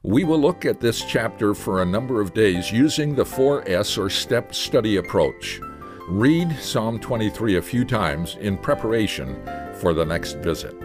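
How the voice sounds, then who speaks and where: A man hosting a short devotional radio message, telling a story earnestly and putting gentle questions to the listener. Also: on the low side, expressive, a little slow, over music. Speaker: radio Bible teacher, host.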